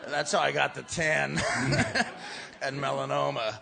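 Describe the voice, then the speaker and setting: A man, telling stories in casual talk, stammering and shouting out quoted lines. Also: medium pitch, fairly even intonation, unhurried, creaky, crowd noise. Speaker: comedian guest. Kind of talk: casual storytelling.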